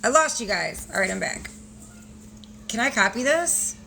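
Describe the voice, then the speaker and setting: A woman's voice: fairly high pitch, animated, moderate pace, gravelly, pushed and bright, a little hiss or hum. A young woman hosting a casual livestream, talking bluntly with lots of swearing and frequent laughter. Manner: profane, blunt, laughs often. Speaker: livestream host selling credit classes.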